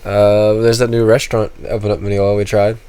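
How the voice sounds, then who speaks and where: A young man with a fairly low voice chats casually on a podcast. He tells a story at an easy pace and keeps breaking into laughter. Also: level tone, fast talker, dark tone, slight background noise. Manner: laughs often, storytelling, teasing. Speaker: podcast co-host. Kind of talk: casual chat.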